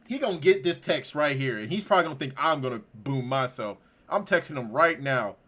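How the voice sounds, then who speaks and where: A man giving let's-play commentary on a game, slangy and profane, shaken and near tears, swinging from quiet mumbling to outbursts. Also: mid-range voice, sing-song, moderate pace. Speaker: gaming YouTuber.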